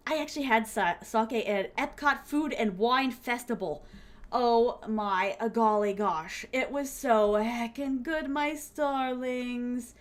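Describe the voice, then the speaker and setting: A woman's voice: on the high side, slow pace. A young adult woman streaming a game, chatting casually with viewers in a bubbly, giggly way, full of fillers and sudden squeals, calling her audience pet names. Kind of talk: casual chat while gaming.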